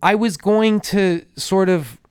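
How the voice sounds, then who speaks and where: A man's voice: high-pitched, takes it slowly, darkish tone, smooth, dry recording. A man hosting a casual solo podcast, rambling through his points with frequent restarts and asides, like an enthusiastic fan. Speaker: podcast host.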